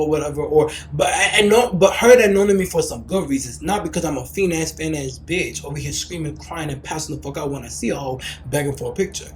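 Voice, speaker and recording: A man's voice: fairly high pitch, fairly quick, few pauses, echoey room, a little hiss or hum, low-quality recording. A young man hosting a podcast in casual chat, brash and profane, breaking into mocking shrieks. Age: young adult. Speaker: podcast host. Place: lives in Los Angeles.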